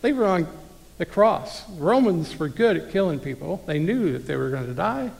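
A male preacher with a somewhat high, gravelly voice delivers a sermon in a casual, conversational way. He reads scripture aloud and speaks straight to his listeners. A long reverb from the hall trails behind his words. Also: lively intonation, moderate pace, darkish tone.

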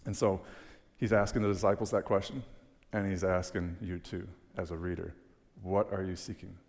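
A young man preaching a sermon in a relaxed, conversational way, with a touch of dry humor as he reads scripture aloud. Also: low-pitched, normal speed, gravelly. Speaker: pastor. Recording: long reverb of a large hall.

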